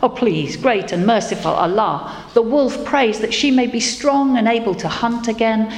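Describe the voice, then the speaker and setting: A woman's voice: a little high, normal speed, voice pushed up, natural voice. A woman doing an eager, foolish traveler. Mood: earnest. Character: kind but foolish traveling man. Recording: echoey hall, faint noise.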